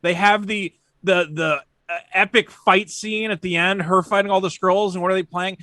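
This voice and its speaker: A man's voice: high voice, steady tone, normal speed, sharp tone, dry recording. A man, a sarcastic film critic, mocking a movie's lines in a playful debate. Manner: sarcastic, mocks lines in silly voices. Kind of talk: playful debate, arguing a side.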